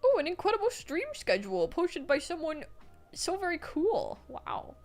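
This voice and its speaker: A woman streamer reading viewer messages aloud on a live stream, reacting with excitable, gushing praise and casual swearing. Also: very high-pitched, normal speed, faint music behind.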